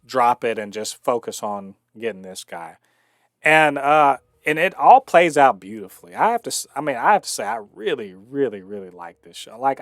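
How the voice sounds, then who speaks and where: A man's voice: fairly low pitch, no echo. Enthusiastic male reviewer, stop-start delivery, faint music behind. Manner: halting, many fillers and restarts, enthusiastic. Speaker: show host reviewing a TV episode. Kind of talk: casual review monologue.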